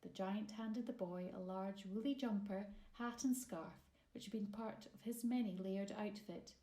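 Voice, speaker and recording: A woman reads a children's story aloud, expressive and measured. Her pace is slow and unhurried at a middle pitch. The room around her voice is echoey. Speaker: author narrating her own children's story. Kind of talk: storybook narration. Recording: roomy echo.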